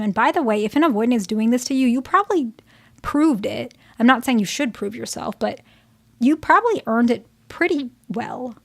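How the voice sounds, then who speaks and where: A young woman therapist talks straight to her audience in a casual, frank manner. Her voice sits a little high, and she keeps checking in with quick "okay?" and "right?" tags. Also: gravelly. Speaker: therapist giving relationship advice. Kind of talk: casual advice talk to viewers.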